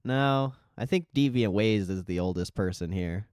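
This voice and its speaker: Chill guy streaming, swearing and riffing with chat, clean smooth voice, dry close mic. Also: lowish voice, moderate pace, dry recording. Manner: relaxed, profane, reading chat aloud. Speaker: livestream host. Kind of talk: casual live stream chat.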